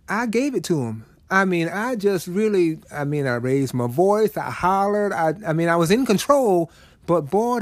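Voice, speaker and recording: Man, middle-aged, preacher, folksy emphatic sermon, high voice. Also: no room sound. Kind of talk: storytelling sermon.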